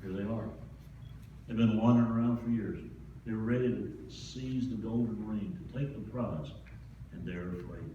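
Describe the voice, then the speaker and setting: A man's voice: fairly low pitch, normal speed, mellow, a little hiss or hum. A man preaching a sermon as pastor, in a folksy, conversational way with homespun asides. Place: church sanctuary. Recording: distant, echoey church sanctuary, dull sound.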